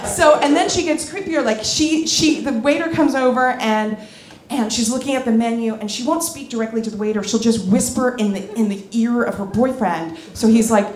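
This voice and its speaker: A woman telling a comic story on stage to a live audience, animated and candid, often laughing as she talks. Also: fairly high pitch, normal speed, roomy sound, slight background noise. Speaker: comedic storyteller. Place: club stage before an audience.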